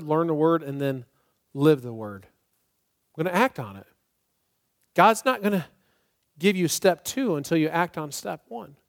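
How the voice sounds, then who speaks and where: Preaching man with a high voice. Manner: emphatic preaching, swings from loud to soft and prayerful. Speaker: pastor. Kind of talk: sermon. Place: church sanctuary.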